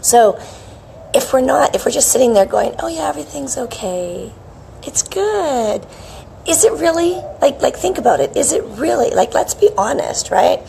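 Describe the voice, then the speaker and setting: A middle-aged woman hosting a casual live wellness stream, chirpy and animated, greeting viewers by name. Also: high-pitched, normal speed, gravelly, slight background noise, low-quality recording. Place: outdoors with a palm tree behind. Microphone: hands-free phone camera.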